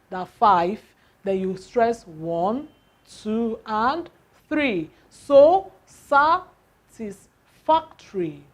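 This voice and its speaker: Very slow-speaking woman teacher. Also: mid-range voice. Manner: asks questions and answers them herself; spells out letters and counts syllables aloud. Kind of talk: classroom lesson on word stress.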